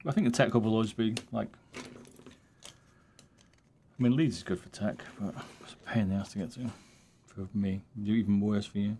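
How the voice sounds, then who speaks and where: A relaxed man chats with his viewers during a live game stream. His voice sits a little low, and his talk is loose and casual, peppered with swearing. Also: fairly quick, pauses often, a little hiss or hum. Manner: laid-back, swears freely, chats to viewers. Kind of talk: casual chat while gaming.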